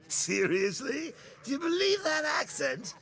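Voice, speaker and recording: An actor playing a manic, taunting male clown villain with a gravelly voice in a video game. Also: fairly high pitch, a bit bright, full character voice. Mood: mocking. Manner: taunting, theatrical, giggly.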